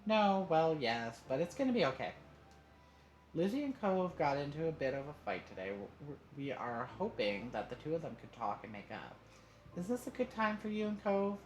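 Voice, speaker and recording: A man voicing a firm, no-nonsense mother who talks briskly. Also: fairly high pitch, big pitch swings, darkish tone, pitched above the performer's own voice. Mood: reassuring. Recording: roomy echo, faint noise.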